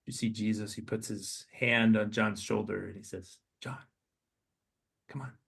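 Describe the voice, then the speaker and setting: A man with a fairly low voice guides listeners through an imaginative meditation. He speaks softly and slowly, pausing and restarting his sentences with a gentle, hesitant touch. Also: fairly even intonation, vocal fry, husky. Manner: slow, soft, hesitant restarts. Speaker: podcast host.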